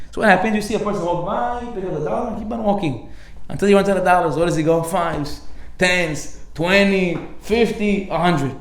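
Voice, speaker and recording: A man preaching as a rabbi in a lively storytelling style, bringing each character of his parables to life. His voice sits a little high, and he laughs often between lines. The sermon is caught in a room with a noticeable echo.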